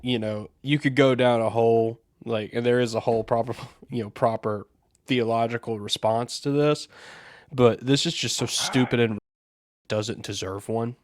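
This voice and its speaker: A man's voice: mid-range voice, fairly even intonation, normal speed, no room sound, studio quality. A man co-hosting a podcast in casual chat, hesitant and full of restarts. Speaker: podcast co-host.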